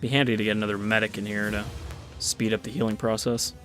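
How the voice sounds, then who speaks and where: A man giving casual, relaxed commentary while he plays and explains a strategy game, in an offhand, explanatory way. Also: lowish voice, fast talker. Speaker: gaming video host. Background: game music and unit sounds.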